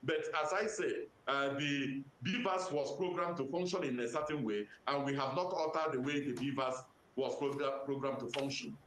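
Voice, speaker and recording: A man with a Nigerian accent, an electoral commission official giving formal, measured answers to press questions and citing legal sections methodically. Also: mid-range voice, fairly bright tone, slight background noise. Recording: roomy echo.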